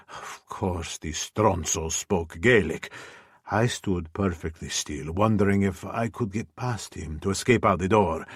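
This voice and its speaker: Deep-voiced man narrating an audiobook. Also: breathy edge, dry recording, studio quality. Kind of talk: first-person audiobook narration.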